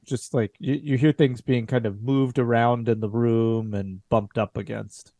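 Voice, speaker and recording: A man's voice: medium pitch, fairly even intonation, measured pace, mellow, no echo. A man runs a horror tabletop game as game master. His narration is loose and full of fillers. The sound is dry and close.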